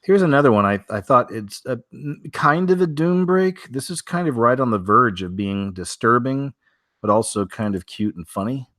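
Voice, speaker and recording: A man's voice: mid-range voice, expressive, moderate pace, a bit bright, no room sound, clean studio sound. A man hosting a weekly strange-news show from home, talking casually and rambling through stories with many fillers and restarts.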